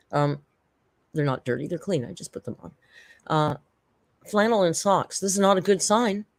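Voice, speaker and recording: A Canadian woman with a fairly low voice hosts a casual livestream from home, rambling and chatting as she thanks members of her chat. She uses a desk microphone, and there's no room sound.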